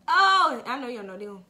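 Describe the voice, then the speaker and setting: High bright playful young woman. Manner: playful, laughing a lot, slangy. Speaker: vlogger playing a guessing game. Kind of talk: casual chat.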